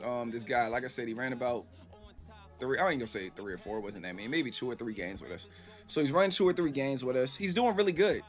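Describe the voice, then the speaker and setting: A man and gaming streamer telling stories to viewers in a casual, animated, profane way. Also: medium pitch. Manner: animated, profane, acts out quoted voices.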